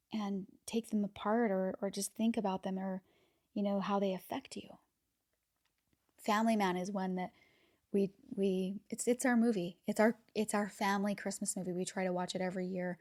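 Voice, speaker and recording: A woman hosting a podcast, talking casually and with enthusiasm, sometimes dropping to a soft near-whisper and repeating words as she gathers her thoughts. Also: medium pitch, steady tone, normal speed. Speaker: podcast host. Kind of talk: casual reflective monologue.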